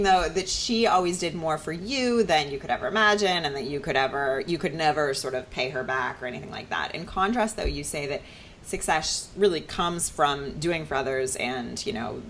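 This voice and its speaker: A woman hosts the interview in a low voice and asks her questions at length. She reacts attentively while the guest speaks. Faint noise sits under her voice. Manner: attentive, gives frequent short reactions.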